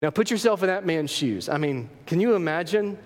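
A man preaching a sermon, telling the story with animated emphasis and rhetorical questions to his congregation. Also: fairly high pitch, a little fast, in a large hall. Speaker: pastor.

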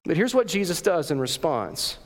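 A pastor preaches in a conversational way, asking his congregation questions as he goes. His voice sits high for a man. The sound carries the long reverb of a church hall. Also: very animated, moderate pace. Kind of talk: sermon. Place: church sanctuary.

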